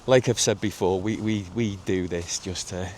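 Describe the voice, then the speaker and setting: A middle-aged man, chatting casually in a walking vlog on a seaside promenade, halting with many repeats and fillers. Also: low-pitched, a little mellow. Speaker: vlogger. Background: faint outdoor ambience with traffic and seagulls.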